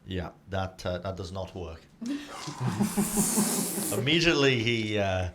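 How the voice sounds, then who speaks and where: A man's voice: lowish voice, very animated, slow pace, noisy background. A man narrating as game master of a tabletop roleplaying game, playful and laughing. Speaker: dungeon master.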